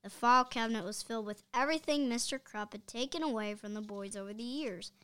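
A woman reading a children's book aloud, expressive and deliberate. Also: a little high, clear, resonant tone. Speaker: reader.

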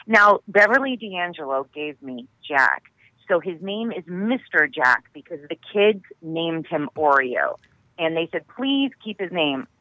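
A woman guest on a radio show, telling stories in an animated way and acting out the quotes with laughter. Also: on the low side, a little slow, dry recording, highs cut off. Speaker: guest actress. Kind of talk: casual radio interview chat.

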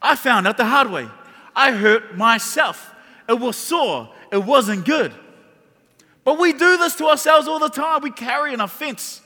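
A man's voice: extremely high pitch, a little slow. A man preaching a sermon, telling a funny personal story and talking straight to the congregation. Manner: animated and humorous, addresses the audience directly. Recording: reverberant hall.

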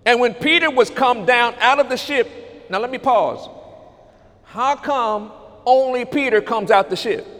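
A man preaches to his congregation, calling out to them and quoting scripture. His voice sits very high and he takes his time, stretching out each line. The sound rings with the long reverb of a church hall. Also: fairly bright tone. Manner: preaching with call-and-response to congregation. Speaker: pastor. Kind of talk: sermon.

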